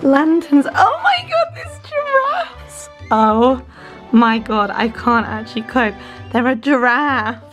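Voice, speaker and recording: A young British woman from the UK, vlogging her travels with gushing, breathless excitement and constant exclamations. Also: a little high.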